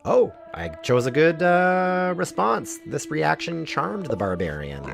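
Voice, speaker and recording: A playful man streams a game, reading its lines aloud and laughing at his own choices. His voice rises and falls a lot as he talks. Music plays clearly behind him. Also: a little high, takes it slowly. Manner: animated, laughing often, playful. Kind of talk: let's play commentary, reading game text aloud.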